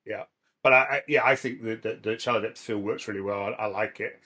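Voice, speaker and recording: A man's voice: on the low side, steady tone, brisk, bright, forceful tone. A man co-hosting a casual chat, praising photos in a reflective, appreciative way. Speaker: co-host.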